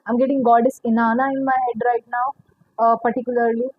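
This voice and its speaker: High-voiced woman rambling through a tarot reading. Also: flat delivery, fast talker, dry recording, dull audio. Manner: rambling, laughs often, swears casually. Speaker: tarot reader. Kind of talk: casual tarot reading monologue.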